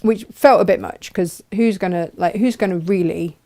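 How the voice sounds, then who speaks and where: A middle-aged woman hosting a live craft show, chatting brightly and reading out viewers' greetings. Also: fairly low pitch, moderate pace. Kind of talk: casual live-stream chat.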